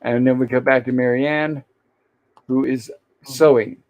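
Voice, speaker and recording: A man's voice: mid-range voice, fairly even intonation, unhurried, a little mellow. A man hosting a casual livestream, recapping an old sitcom episode and acting out bits of dialogue as he goes. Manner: retells scenes, briefly acting out lines. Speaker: podcast host reviewing a classic sitcom.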